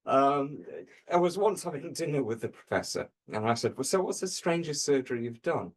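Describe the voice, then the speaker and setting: A man on a comedy panel telling an absurd dark tall tale in a dry, deadpan way, with hesitant fillers. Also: mid-range voice, moderate pace, few pauses.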